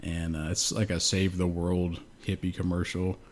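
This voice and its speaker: A young man with a lowish voice tells long, meandering stories on a casual podcast. He talks loosely and swears constantly. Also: level tone, moderate pace. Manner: profane, rambling storyteller. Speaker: podcast co-host. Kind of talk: casual chat.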